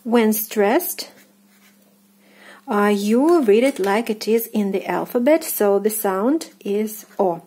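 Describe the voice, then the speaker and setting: A woman with a Russian accent gives a casual spoken lesson. Her voice is mellow and soft-edged at a middle pitch. She explains step by step and often pauses on fillers or corrects herself. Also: lively intonation, slightly rough. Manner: unhurried, explains slowly with many fillers and self-corrections. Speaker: language teacher.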